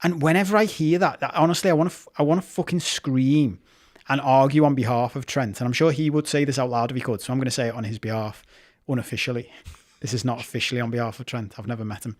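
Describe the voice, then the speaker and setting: A man's voice: mid-range voice, steady tone, fast talker. A man co-hosting a football podcast in casual chat, talking with heated passion, swearing freely and restarting his sentences. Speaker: podcast co-host.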